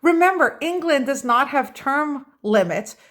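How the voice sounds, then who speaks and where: A woman's voice: on the high side, slow, a bit bright. An American woman giving opinionated political commentary in a vlog, talking straight to her viewers and stressing key words. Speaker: political vlogger.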